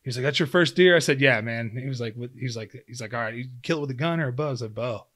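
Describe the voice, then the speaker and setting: A man's voice: mid-range voice, fast, fairly bright tone. A man in his thirties, a podcast guest, telling a story in casual conversation, acting out his own quotes with lots of fillers. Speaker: guest, former pro football player turned hunter.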